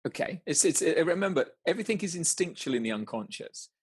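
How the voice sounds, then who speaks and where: A man's voice: on the high side, lively intonation, fast, slightly rough, no room sound. A man guiding a listener through an exercise in casual conversation, stumbling over words, restarting often and laughing as he goes.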